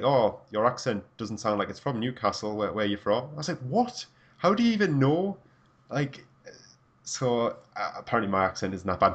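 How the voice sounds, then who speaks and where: A man with a northeast English accent chatting casually on a podcast, animated and swearing freely. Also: on the low side. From North East England, near Durham. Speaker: podcast co-host. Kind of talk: casual chat.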